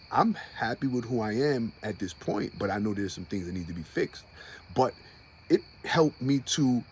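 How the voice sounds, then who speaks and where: A man hosting a personal podcast, talking openly and with passion, dropping low and quiet, then rising loud and high. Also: husky. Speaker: podcast host.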